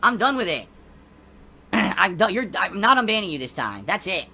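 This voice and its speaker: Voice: mid-range voice, sing-song, normal speed, creaky, sharp tone, husky, exaggerated voice. A streamer in a played clip, exasperated and frustrated while moderating the chat.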